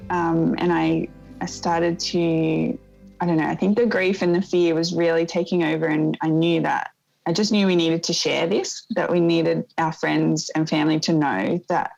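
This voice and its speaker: A woman in her thirties telling a painful personal story in an interview, in a soft, reflective way that often halts and starts again. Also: low voice, flat delivery, creaky, dull audio, faint music behind. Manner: soft, reflective, halting with restarts. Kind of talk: emotional personal testimony.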